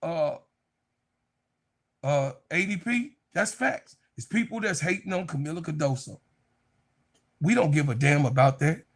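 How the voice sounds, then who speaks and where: Gravelly excitable man streaming sports talk. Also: a little high, unhurried, long pauses. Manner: excitable, profane, laughs a lot, talks to chat. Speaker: sports stream host reading chat. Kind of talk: casual live-stream chat.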